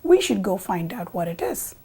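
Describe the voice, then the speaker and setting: A woman's voice: on the low side, very animated, normal speed, creaky, dark tone, breathy edge, pitched below the performer's own voice, full character voice. A woman voicing a sly male jackal courtier, persuasive and wheedling, in a told folk tale. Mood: scheming.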